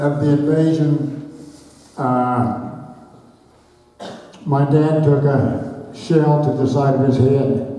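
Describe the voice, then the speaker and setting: A man in his sixties giving a halting, emotional personal remembrance at a memorial dedication. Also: medium pitch, dark tone. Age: 60s. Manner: halting, emotional, many fillers. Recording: echoey hall from far off.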